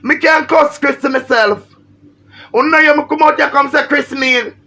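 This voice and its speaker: A woman's voice: sits high, moderate pace, pushed and bright. A woman with a Jamaican accent, feeling unwell, ranting and pleading on a livestream. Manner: emphatic, pleading, repetitive. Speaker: social media personality.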